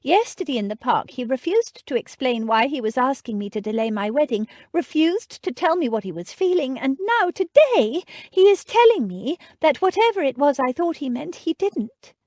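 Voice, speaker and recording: A woman's voice: high voice, lively intonation, moderate pace, mellow, dry recording, clean studio sound, voice pushed up. A woman voicing an earnest young debutante who pleads emotionally in an audiobook. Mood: distressed.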